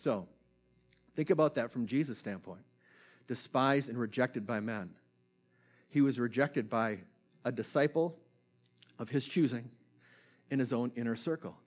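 A man's voice: mid-range voice, measured pace, pauses often, a little mellow, faint music behind. A man preaching a sermon in a conversational way, checking in with listeners and retelling scripture stories with feeling.

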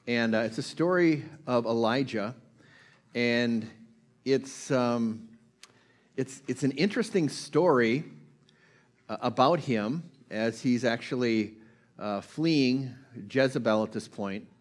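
A man's voice: mid-range voice, takes it slowly. A man giving an informal sermon, retelling a Bible story in a conversational way, with plenty of fillers and restarts. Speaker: preacher. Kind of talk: casual sermon.

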